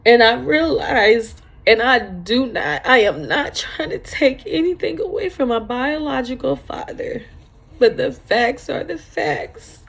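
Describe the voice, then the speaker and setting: Woman in her 30s, slow gravelly voice, tearful storytime vlog, keeps repeating herself. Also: a little high, animated, fairly bright tone. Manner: tearful, halting, repeats phrases. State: crying at times. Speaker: vlogger.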